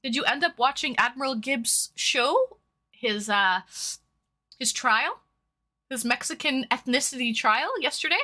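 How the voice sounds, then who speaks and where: Bright-voiced woman chatting on a livestream. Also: sits high, measured pace. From Toronto, Canada. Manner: greets chat viewers by name, bubbly and chatty. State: runny nose from hot sauce. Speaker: livestream host. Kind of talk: casual livestream chat.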